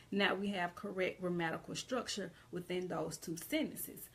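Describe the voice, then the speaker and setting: Southern American woman, casual grammar teacher, gravelly voice, rambles and restarts. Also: medium pitch, a bit bright. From Southern United States. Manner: conversational, repeats and restarts phrases. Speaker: English teacher. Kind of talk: casual online grammar lesson.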